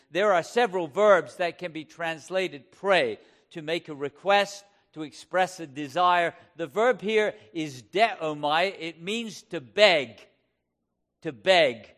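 A man preaching a sermon, impassioned, asking the congregation rhetorical questions and slowly stressing key words. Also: high voice, sharp tone.

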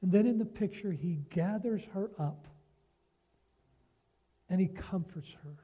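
A male preacher with a fairly high but mellow voice delivers a sermon at a slow, unhurried pace. He talks earnestly and keeps checking in with his listeners through rhetorical questions. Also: husky, muffled recording. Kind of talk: sermon with a story and scripture reading.

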